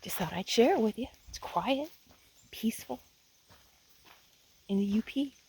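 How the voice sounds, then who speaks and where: A woman's voice: fairly high pitch, expressive, unhurried, darkish tone, slightly rough. A woman chatting casually to the camera on a road-trip vlog, talking to her viewers and her dog. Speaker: RV travel vlogger.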